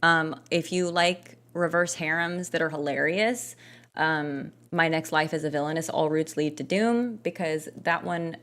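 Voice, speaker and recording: A woman's voice: sits low, a bit bright. A woman gaming vlogger chatting casually and rambling, with lots of fillers and restarts. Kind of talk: casual chat while gaming.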